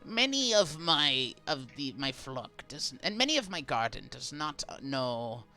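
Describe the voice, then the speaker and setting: A man voicing an old, hunched, garlic-headed male sage in a tabletop game, speaking in a slow, formal, halting way. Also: on the high side, very animated, bright, forceful tone, soft background music, full character voice. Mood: measured.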